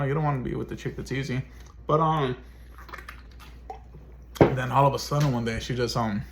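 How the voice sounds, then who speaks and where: A man's voice: mid-range voice, gravelly. A man venting in a personal vlog as a single dad, swearing often and sounding frustrated. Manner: profane, frustrated ranting.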